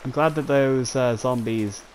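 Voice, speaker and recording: A man's voice: medium pitch, a little slow, noisy background. A man giving jittery let's play commentary, swearing and talking straight to his viewers. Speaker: gamer.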